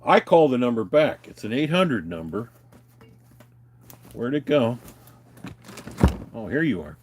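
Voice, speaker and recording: A man's voice: medium pitch, sing-song, unhurried, darkish tone. A man venting in a heated, profane rant to his viewers, retelling a phone call. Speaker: vlogger.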